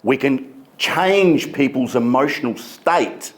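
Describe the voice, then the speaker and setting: A man giving a motivational keynote speech on a conference stage, emphatic and deliberate, stretching key words. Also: medium pitch, lively intonation. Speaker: keynote speaker.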